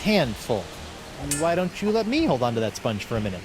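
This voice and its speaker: An actor voicing a hapless, wisecracking pirate hero in a game, quick and breezy. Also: male voice, medium pitch, sing-song, music in the background, natural voice. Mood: playful.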